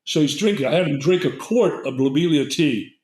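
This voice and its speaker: Older guy rambling through a story, kinda high voice, echoey room. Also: brisk, a little mellow. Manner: rambling, digressive storyteller who acts out quotes. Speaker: guest herbalist. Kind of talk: storytelling in a casual interview.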